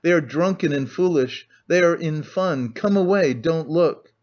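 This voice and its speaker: A man voicing a gentle coaxing father. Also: on the high side, unhurried, natural voice. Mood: soothing. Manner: soothing, coaxing. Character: gentle father calming his young son. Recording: muffled lo-fi audio.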